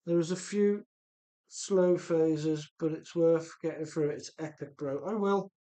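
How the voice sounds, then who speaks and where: With a warm, fairly high-pitched voice and a slightly slow delivery, a male streamer reads viewer comments aloud as he works on rebuilding an RC car. His easygoing chat carries a Midlands-Welsh accent blend.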